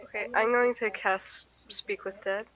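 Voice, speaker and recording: A woman's voice: mid-range voice, fairly even intonation, a little slow, a bit bright, low-quality recording. A woman playing a tabletop game, asking earnest questions in a casual way. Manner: inquisitive, earnest. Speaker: player.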